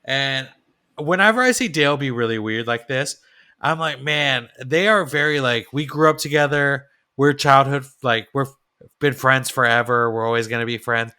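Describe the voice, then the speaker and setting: A man's voice: medium pitch, normal speed, sharp tone, smooth. A man co-hosting a podcast, chatting casually and rambling with many restarts. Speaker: podcast co-host. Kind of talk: casual chat.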